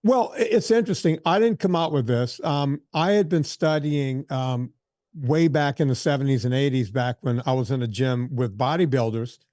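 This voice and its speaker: A man in his sixties, a fitness trainer telling stories in a casual interview, animated and full of quoted asides and restarts. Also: medium pitch, moderate pace, no echo, studio quality. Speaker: fitness trainer and podcast guest.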